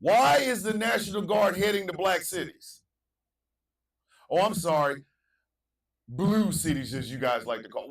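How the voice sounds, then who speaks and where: A man hosting a morning talk show, animated, chanting hype calls and ranting, swinging between shouts and low asides. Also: normal speed, pauses often, distant mic, poor audio. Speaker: radio show host.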